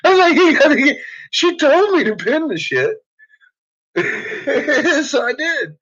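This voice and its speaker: A man rambling casually in a home vlog, swearing a lot and laughing often, dropping to low mutters and rising to loud shouts. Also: sing-song, slow pace. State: uses bottled oxygen. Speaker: vlogger. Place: at home with a dog. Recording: dull lo-fi home recording.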